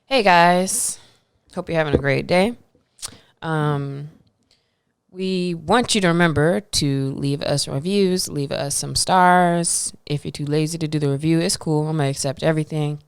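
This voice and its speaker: A woman with a low voice and a smooth, resonant tone, co-hosting a casual podcast. She talks in a relaxed, slangy way and drifts through fillers. The sound is dry and close. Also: a little slow, dry recording. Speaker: podcast co-host.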